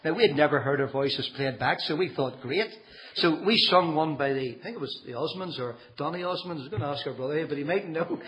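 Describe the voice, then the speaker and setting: A man's voice: fairly high pitch, a little fast, a bit bright, poor audio. A middle-aged man giving a humorous church testimony, telling a family story and acting out the quotes.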